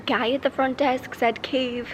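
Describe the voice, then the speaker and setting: A young woman from the UK, chatting excitedly as a travel vlogger and giggling through her stories. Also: sits high, a little slow, background noise. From United Kingdom. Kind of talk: casual travel vlog chat. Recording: loud background music.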